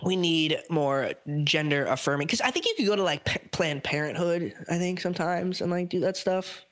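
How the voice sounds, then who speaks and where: A man's voice: a little high, normal speed, fairly bright tone, no echo. A young trans man hosting a casual podcast chat, frank and profane, laughing often. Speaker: podcast host.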